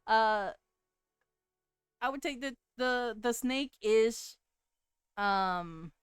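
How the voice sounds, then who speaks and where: A woman's voice: on the high side, drawn-out words, clear, resonant tone, no room sound, clean studio sound. Hesitant woman running a tabletop game. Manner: hesitant, lots of fillers. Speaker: game master.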